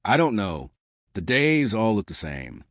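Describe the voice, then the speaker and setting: A man's voice: lowish voice, big pitch swings, measured pace, no echo, clean studio sound. A man voicing a frightened homeless six-year-old boy who speaks hesitantly and stammers. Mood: timid.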